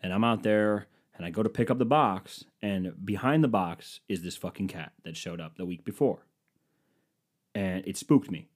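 A man's voice: sits low, moderate pace. A man in his twenties hosting a podcast from home, telling rambling, self-mocking stories with plenty of swearing into a microphone hooked up to his computer. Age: 20s. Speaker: podcast host. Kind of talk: casual comedic monologue. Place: indoors at home.

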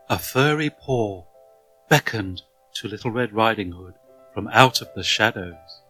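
A man reading a children's story aloud in an expressive, dramatic manner. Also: on the low side, measured pace, breathy edge, soft background music, rough recording.

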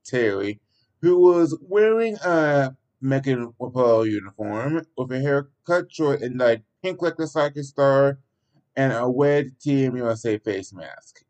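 A man's voice: medium pitch, lively intonation, measured pace, darkish tone, low-quality recording. A man narrating a story aloud in a homemade reading, stumbling and restarting now and then. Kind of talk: amateur read-aloud narration.

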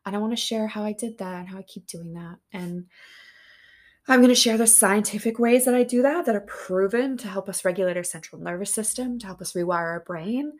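A woman hosting a podcast, talking openly and earnestly in a casual, heartfelt monologue that turns excitable at times. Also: mid-range voice, brisk. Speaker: podcast host.

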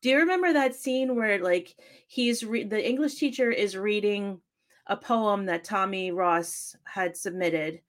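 Animated woman in casual film chat. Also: medium pitch, a little slow. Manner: animated, laughing, acts out quoted lines. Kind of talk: casual conversation about a film.

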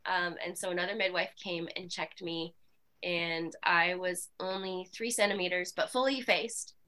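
A woman guest on a podcast telling her personal story in a candid, animated way, with many fillers. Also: lowish voice, moderate pace. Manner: animated, with frequent fillers and laughs.

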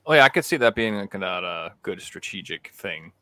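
A man with an Australian accent chatting casually on a gaming podcast, acting out his own reactions in sudden high bursts. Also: animated, moderate pace, pushed and bright, dry recording. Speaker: podcast co-host. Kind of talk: casual chat.

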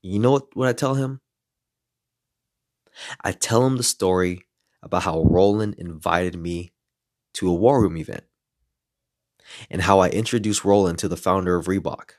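A man's voice: low voice, moderate pace, pauses often. Jonge man met lage stem. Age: 20s. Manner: lively retelling with playful swearing. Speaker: podcast host. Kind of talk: casual storytelling monologue.

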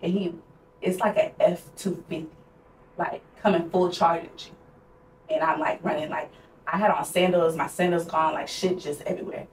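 A woman's voice: on the low side, fairly even intonation, normal speed. A young woman co-hosting a podcast, telling a personal story in a candid, casual way with lots of "like". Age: young adult. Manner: candid, conversational, heavy use of "like". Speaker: podcast co-host. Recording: roomy echo, distant mic, faint noise.

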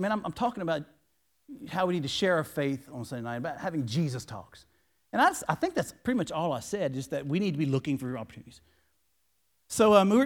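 A male pastor preaching a sermon, telling a story in a folksy, emotional way with many restarts. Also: fairly high pitch. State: tearful. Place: church.

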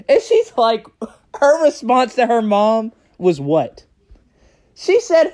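Animated young man telling a story. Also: very high voice, takes it slowly. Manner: animated, profane, laughs while telling. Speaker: vlogger. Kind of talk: casual storytime.

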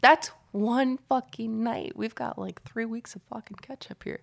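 With a fairly high voice, vocal fry, and fairly even intonation, this young podcast co-host speaks unhurriedly. Her casual chat features profane storytelling and lots of laughter.

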